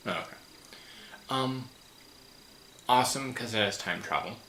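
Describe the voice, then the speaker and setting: A man's voice: mid-range voice, expressive, unhurried, sharp tone, slight background noise. A tired man in a casual film chat, hesitant and often searching for the right word. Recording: roomy echo.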